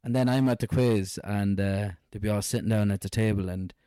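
A man's voice: fairly low pitch, steady tone, brisk, warm tone, smooth, no echo. Chatty young Irish man, dry sound. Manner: chatty, joking, lots of fillers. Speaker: podcast co-host. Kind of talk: casual chat.

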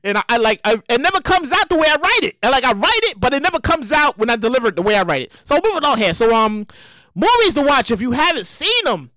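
Hosting a laid-back commentary show, a New York-accented woman speaks in a voice on the high side, captured in a dry recording. She is animated and emphatic, slangy, and says her points more than once.

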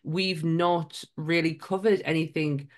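Laughing Mackem woman, low voice. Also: fairly even intonation, takes it slowly. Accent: Mackem (Sunderland). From Sunderland, England. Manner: chatty, laughs often, swears casually. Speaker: podcast co-host. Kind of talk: casual chat.

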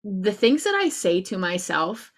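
A woman's voice: medium pitch, sing-song, a little slow, slightly rough. A woman co-hosting a podcast, chatting candidly and poking fun at herself. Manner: self-deprecating, candid, laughs often. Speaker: podcast co-host. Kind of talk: casual chat.

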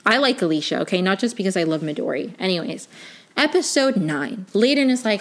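A young woman chatting casually as she reviews a TV season, rambling with lots of "like" fillers and restarts, gushing and clearly invested. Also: mid-range voice, expressive, fairly quick. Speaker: TV review vlogger.

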